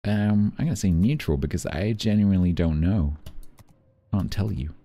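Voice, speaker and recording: A man's voice: deep voice, moderate pace, dark tone. A British man streaming a game, chatting casually with his viewers in a rambling, dry, self-mocking way. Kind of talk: casual chat while gaming.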